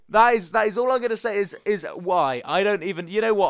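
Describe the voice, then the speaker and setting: A man's voice: sits high, a little fast, hardly any pauses, clean tone, no room sound, clean studio sound. A man giving live gameplay commentary as a gaming video host, swinging between frustrated outbursts and muttered asides.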